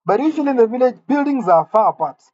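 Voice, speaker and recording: A man's voice: very high voice, lively intonation, quick pace, a little mellow, no echo, muffled recording. A man from Kenya, telling a candid, self-deprecating personal story in a conversational way.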